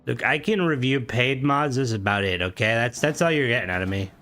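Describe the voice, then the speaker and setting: A young Irish man chatting on a game stream in a jokey, profane way. His voice sits at a middle pitch for a man and leaps much higher whenever he gets excited or indignant. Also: fairly quick. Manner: jokey and profane, voice jumping high when worked up. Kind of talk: casual live-stream chat, reading comments.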